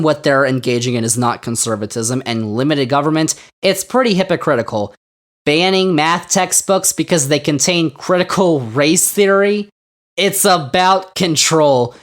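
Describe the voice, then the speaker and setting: A man hosting a podcast who comments on the news in a casual, sarcastic way, with mocking asides. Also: fairly high pitch. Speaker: podcast host.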